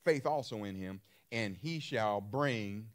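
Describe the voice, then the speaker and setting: A man's voice: lowish voice, expressive, takes it slowly. A man preaching a sermon in an emphatic style, repeating phrases and throwing questions to his listeners, with features. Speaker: pastor.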